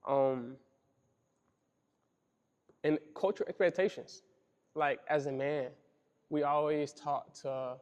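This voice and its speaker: A man's voice: fairly high pitch, steady tone, unhurried, long pauses, darkish tone, clear, resonant tone. A young man hosting a podcast, speaking earnestly and casually about men's feelings, often repeating himself and calling the listener "bro". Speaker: podcast host. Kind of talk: reflective monologue on men's feelings.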